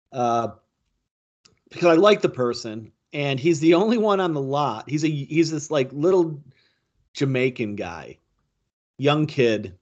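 A man with a wife and kids, co-hosting a podcast in relaxed, rambling casual chat. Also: medium pitch, lo-fi sound. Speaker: podcast co-host.

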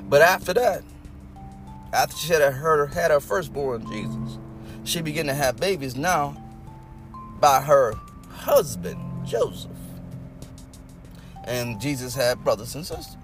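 Brief: male preacher, fairly high, lively pitch, conversational sermon over faint music. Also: a little slow, long pauses. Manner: folksy, conversational preaching with dialect and acted-out crowd quotes.

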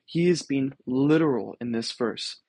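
A man's voice: medium pitch, a little slow, darkish tone, breathy edge, dry recording. A young man hosting a podcast, reflecting on scripture in a casual, earnest way with many ums and restarts. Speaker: podcast host.

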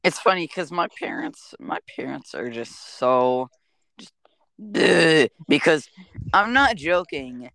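Lively, bright-voiced young man. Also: no room sound. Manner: halting, many restarts, lively pitch. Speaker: podcast co-host. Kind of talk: casual chat.

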